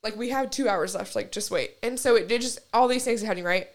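A woman's voice: a little high, fast. A young woman on a podcast telling a long story in casual chat, rambling and profane, with constant "like". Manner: rambling, heavy use of "like", profane. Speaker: podcast co-host.

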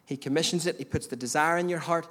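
A man's voice: a little high, quick pace, a bit bright. A man preaching a sermon as pastor, speaking emphatically with repeated phrases and direct address to the congregation. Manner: emphatic preaching with rising bursts and repetition.

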